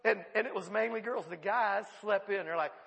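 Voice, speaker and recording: A man preaches with a high, gravelly, bright voice. He tells a funny story in an animated way and often breaks into laughter mid-sentence. The long reverb of a large hall trails behind his words. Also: fairly quick. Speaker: pastor. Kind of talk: sermon with humorous storytelling.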